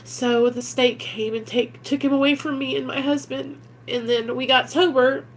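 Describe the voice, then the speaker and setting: A woman's voice: high voice, fairly even intonation, moderate pace, slight background noise. A young woman, vlogging candidly in a rambling, earnest way that leans heavily on fillers. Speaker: recovery vlogger. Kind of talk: candid confessional vlog.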